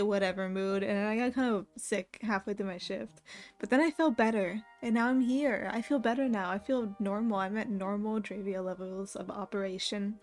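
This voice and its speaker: A young woman streamer chatting casually, telling a work story with frequent laughs and lively impressions of the people in it. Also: mid-range voice. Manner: laughs often while telling a story, animated quoting of others. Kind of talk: casual chat.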